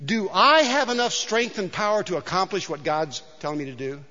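A man's voice: sits high, brisk, pushed and bright. A middle-aged man preaching a sermon in a church, conversational and joking, with frequent restarts. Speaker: pastor. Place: church sanctuary. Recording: dull sound in a large reverberant hall.

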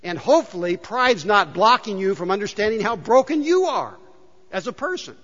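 Pastor, male, lively high-ish voice, emphatic sermon delivery, dull, echoey church recording. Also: moderate pace. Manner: emphatic, rhetorical questions to the congregation. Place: church sanctuary. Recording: dull, reverberant church hall.

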